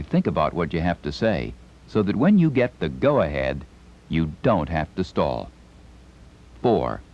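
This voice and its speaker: Deep-voiced man with lively announcer delivery. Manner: crisp, carefully enunciated announcer delivery. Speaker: instructional narrator. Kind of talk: scripted instructional narration. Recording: dull lo-fi 1970s tape recording.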